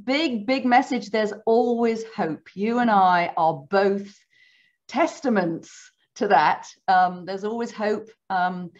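A British woman being interviewed as an author, speaking in a wry, warm way with frequent ums. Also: mid-range voice, slow, highs cut off. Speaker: author guest. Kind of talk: casual interview chat.

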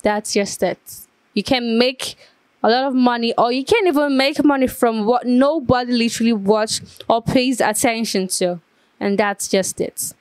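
A woman's voice: a little high, moderate pace, a little mellow, dry recording. A woman hosting a reaction video, giving casual commentary in a chatty way and repeating herself as she thinks aloud.

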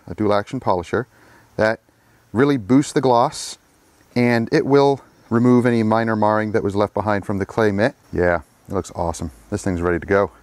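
A man with a somewhat low voice talks through his day in a detailing shop. He explains things in a relaxed, unhurried vlog manner, with the odd "uh" and "you know". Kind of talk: casual vlog narration.

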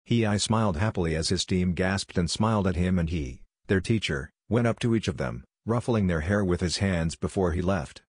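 Low, husky male story reader. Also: normal speed, few pauses, a little mellow, no room sound, studio quality. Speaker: narrator. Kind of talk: reading fan fiction aloud.

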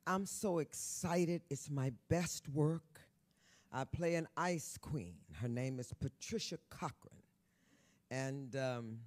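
A woman in her sixties, a guest author telling stories on stage at a live event, brassy, bawdy and loud, laughing often and talking straight to the audience. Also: rumbling low. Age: 60s. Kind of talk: storytelling on stage.

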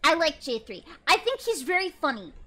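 Excitable young woman streamer, very high and bright voice, lively casual reaction chatter. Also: moderate pace. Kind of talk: casual chat.

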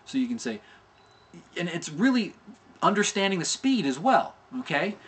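A man's voice: sits high, big pitch swings, moderate pace, fairly bright tone. A middle-aged man giving a casual animation tutorial, chatty and informal, often checking in with "okay?" and sounding out mouth shapes as he explains. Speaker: animation instructor.

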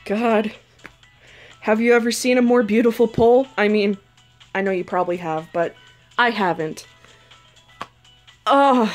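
Young woman, high voice, unhurried, emotional gacha commentary, faint game music behind. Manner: emotional, talks to herself and the game characters. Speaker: gaming channel host. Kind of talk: casual gacha-pull commentary.

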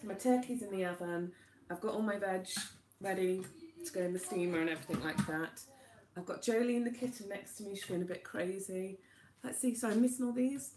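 A young woman from Wales chatting quickly on a live stream from her home kitchen, greeting viewers by name while she cooks, recorded on a tablet. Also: medium pitch, darkish tone, reverberant, a little hiss or hum. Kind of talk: casual live-stream chat. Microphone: tablet camera.

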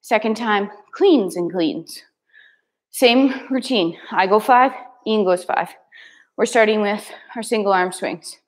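A woman leading a live kettlebell class, giving brisk counted exercise cues and sometimes out of breath. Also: mid-range voice, rough recording. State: out of breath at times. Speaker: kettlebell fitness instructor. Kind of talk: live workout class cueing.

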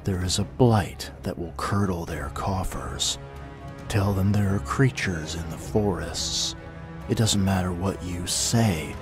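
A man voicing an unseen clawed intruder who whispers slow, soft threats. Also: deep voice.

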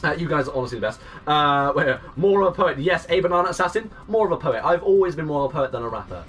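A young man in his twenties live-streaming a game, greeting and thanking viewers and breaking into excited shouts. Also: fairly high pitch, quick pace, recorded from a distance, faint music behind. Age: 20s. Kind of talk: live-stream chat reading out viewers' messages.

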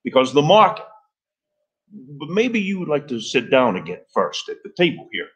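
A man's voice: fairly high pitch, big pitch swings, normal speed, breathy edge, voice pushed up. A man voicing an earnest old rancher in a literary reading, talking in folksy rural grammar.

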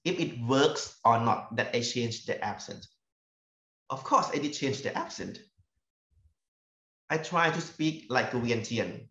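A man with a Thai accent, from northeastern Thailand, giving an academic talk about his fieldwork as a university lecturer, halting and repeating words as he searches for phrasing. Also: medium pitch, lively intonation, a bit bright. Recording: echoey, dull lo-fi room recording.

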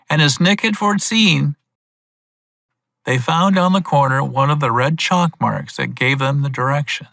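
Male audiobook narrator: steady, clear, a touch high, dry booth sound. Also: dry recording. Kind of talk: scripted narration for English learners.

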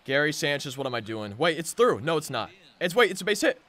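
A young man commentating his own baseball video game, swinging between frustrated groans and loud hype. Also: a little high, big pitch swings, fast. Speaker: gaming channel host. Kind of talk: live gameplay commentary.

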